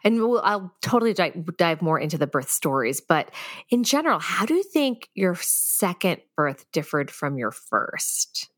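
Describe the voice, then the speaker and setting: A woman's voice: fairly low pitch, very animated, normal speed, a bit bright, dry recording. Encouraging woman host, dry close sound. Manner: encouraging, affirming interjections. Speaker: podcast host. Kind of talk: casual interview conversation.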